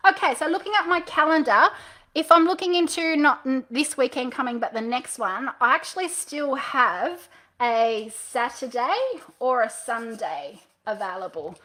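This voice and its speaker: A woman with a high, ringing voice coaches direct sellers over a live stream. She is upbeat and playful, acting out booking calls with her viewers. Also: normal speed. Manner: upbeat, animated coaching with playful role-play. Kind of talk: live-streamed sales training.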